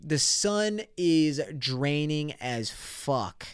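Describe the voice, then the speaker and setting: Young dude podcasting solo, cussing a ton, rambling bro talk, smooth voice, dead dry mic. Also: male voice, a little high, animated, very slow, no room sound. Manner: profane, rambling, bro slang, acts out quotes. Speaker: podcast host. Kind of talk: casual solo podcast rant.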